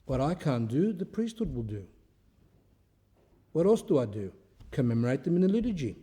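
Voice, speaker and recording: A man's voice: mid-range voice, big pitch swings, normal speed, mellow. A man who is an Orthodox priest, giving an informal spiritual talk in a conversational, storytelling way, with rhetorical questions and phrases he often repeats.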